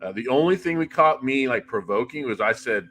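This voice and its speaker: Speaking freely in a relaxed interview, this middle-aged man, a paranormal investigator, stacks example upon example and often starts his sentences over. His voice sits in the mid range and moves briskly, over a slight hiss or hum.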